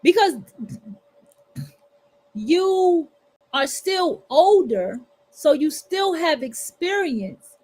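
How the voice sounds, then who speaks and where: A woman talks straight at her listeners in a loose livestream monologue. Her voice sits high, and her delivery is blunt, profane and preachy. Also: expressive, extremely slow, long pauses, a little mellow. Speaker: livestream host. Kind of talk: casual monologue.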